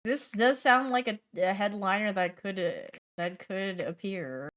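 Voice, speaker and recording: A woman's voice: medium pitch, unhurried. Playful young woman streamer chatting. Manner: chatty and playful, answering chat, swings from loud bursts to mumbling. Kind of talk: casual livestream chat.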